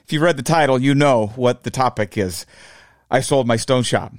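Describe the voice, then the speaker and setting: A man's voice: medium pitch, moderate pace, dry recording, clean studio sound. A man in his forties hosting his own podcast, talking reflectively in a casual solo monologue and addressing listeners as fellow fabricators. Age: 40s. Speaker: podcast host.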